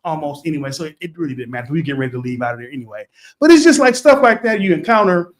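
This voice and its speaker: Middle-aged guy on a podcast, high voice, animated storytelling, repeats himself, gets loud. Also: very fast. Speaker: podcast co-host. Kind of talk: casual storytelling chat.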